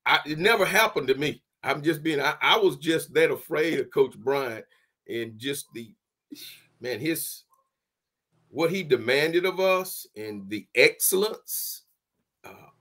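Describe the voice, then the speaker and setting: Older man telling a story. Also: fairly high pitch. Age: 60s. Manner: animated storyteller with laughs, folksy Southern phrasing. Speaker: guest, former football player. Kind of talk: storytelling interview.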